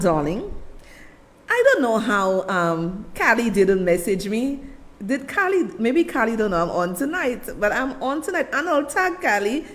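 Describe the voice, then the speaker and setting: A middle-aged woman from Saint Lucia with a Saint Lucian accent, hosting a live commentary show in an animated, emphatic, chatty way. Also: fairly high pitch. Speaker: talk show host.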